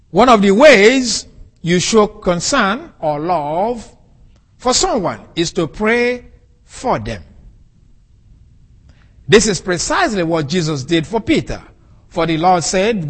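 A man preaching a sermon, teaching from the Bible and explaining Greek words with an animated delivery. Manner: animated, rises and falls sharply in pitch and loudness.

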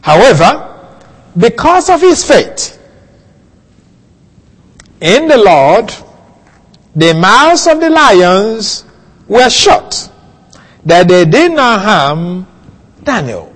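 A man with a high, very animated voice teaches slowly through a Bible passage in his sermon, chuckling softly and putting questions to his listeners. The recording has a big-room sound.

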